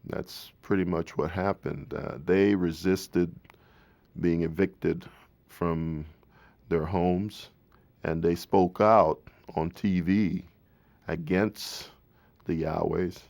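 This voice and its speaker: A man, an FBI special agent, recounting a case in an interview, deliberate and halting with fillers. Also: deep voice, steady tone, vocal fry, darkish tone, dry recording.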